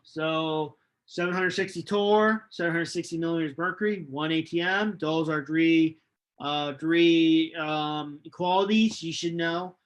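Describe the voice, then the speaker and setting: A male chemistry lecturer giving a recorded online lecture, unhurried and hesitant, with many ums and restarts. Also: on the high side. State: losing his voice, coughing.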